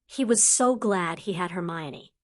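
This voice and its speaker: A woman narrating a fantasy fanfiction audiobook in an even, measured reading voice. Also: on the low side.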